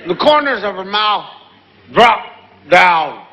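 A man's voice: very high-pitched, expressive, a little slow. A middle-aged male comedian doing stand-up, telling family stories in a conversational way and acting out the people in them. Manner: conversational, acts out family scenes. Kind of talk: stand-up storytelling. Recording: dull, reverberant live recording.

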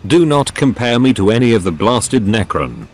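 A man's voice: lowish voice, sing-song. Male text-to-speech voice as a cold robot sorcerer. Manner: formal, measured, menacing. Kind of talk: synthetic storybook narration.

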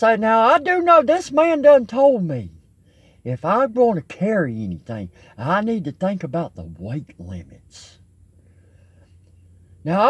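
A man's voice: extremely high pitch, slightly rough, no echo. A man with a Southern US accent delivering an exasperated, rambling comic rant. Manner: exasperated, rambling, swears and repeats itself. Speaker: comedian.

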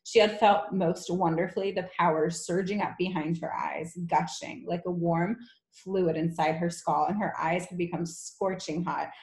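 A woman teacher reading a children's novel aloud to her class in an expressive, gentle way. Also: fairly low pitch, normal speed. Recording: echoey room.

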